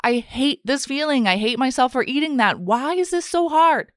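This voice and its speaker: Inner voice of a stressed dieter, put on by a woman podcast host, self-critical, frets aloud, lively pitch, dry sound. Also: moderate pace, no echo. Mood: self-arguing. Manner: frets and argues with herself.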